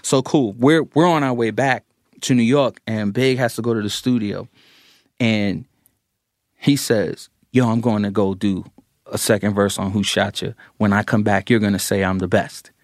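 A man's voice: moderate pace, no room sound, clean studio sound. A man telling a casual story and acting out other people's lines, with big jumps in his voice. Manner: animated, acts out other people's quotes with big pitch jumps. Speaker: guest recounting a story. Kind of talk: casual anecdote.

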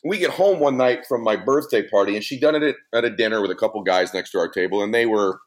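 A middle-aged man telling a story in a podcast conversation, animated and laughing, with big swings in his voice. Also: lowish voice, fast. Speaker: podcast guest, motivational speaker.

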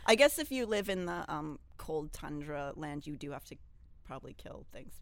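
A woman co-hosting a casual pop-culture chat, teasing and wry, sometimes trailing into low mutters. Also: sing-song, moderate pace, creaky, crowd noise. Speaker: podcast co-host.

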